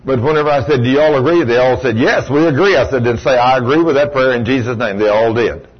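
A man preaching a sermon in a folksy storytelling way, with sudden high exclamations. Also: fast talker, slightly rough. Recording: dull lo-fi recording.

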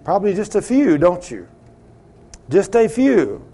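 A man's voice: sits high, sing-song, measured pace, dark tone, slightly rough. A man preaching to his church, telling a testimony and acting out the voices in it, with frequent rhetorical questions to the congregation. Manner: asks the congregation rhetorical questions, acts out quoted dialogue. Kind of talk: sermon testimony storytelling.

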